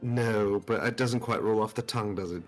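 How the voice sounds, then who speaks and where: A man playing his character in a tabletop role-play, talking haltingly and laughing easily. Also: lowish voice, soft background music. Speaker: player.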